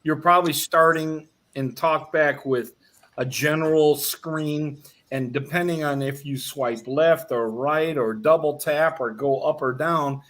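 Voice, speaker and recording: A man's voice: fairly high pitch, a bit bright. A man co-hosting a chatty interview over a video call, explaining things and laughing often. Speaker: co-host. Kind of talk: casual conversation.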